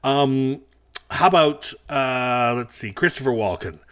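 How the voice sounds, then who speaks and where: A man's voice: mid-range voice, lively intonation, measured pace, a bit bright. A middle-aged man doing a stand-up set for a virtual festival, rambling and self-deprecating with a wry edge. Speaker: stand-up comedian.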